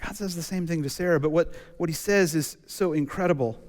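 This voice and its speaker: A man preaching a sermon in a relaxed, conversational way, telling stories and acting out quotes. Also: fairly high pitch, a little fast. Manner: conversational, animated storytelling with acted quotes. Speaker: pastor. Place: church sanctuary. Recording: church hall reverb.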